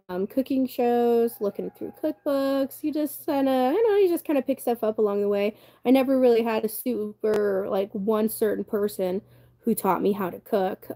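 A woman's voice: medium pitch, mellow. A young adult woman from the Southern United States, chatting casually on a livestream, reading viewer comments aloud and laughing often as she rambles. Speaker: livestream host.

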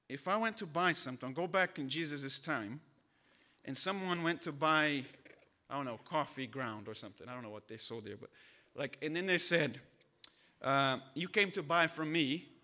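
Preaching in a chatty, story-driven manner, a pastor from Brazil brings in acted voices for the characters. He speaks on the high side, with a pushed, bright sound.

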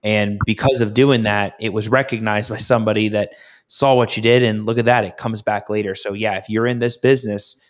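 Low-voiced man hosting an interview. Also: steady tone, a little fast. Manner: affirming, asking follow-ups. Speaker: podcast host. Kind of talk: casual interview.

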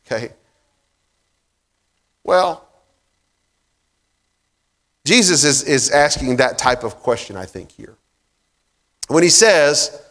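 Conversational pastor in an echoing church. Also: male voice, on the high side, fairly bright tone. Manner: conversational, many fillers and restarts. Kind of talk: sermon. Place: church sanctuary. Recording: long reverb of a church hall.

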